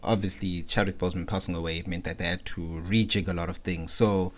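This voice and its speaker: A man co-hosting a podcast in casual chat, measured and agreeable, weighing his points. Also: deep voice, steady tone. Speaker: podcast co-host.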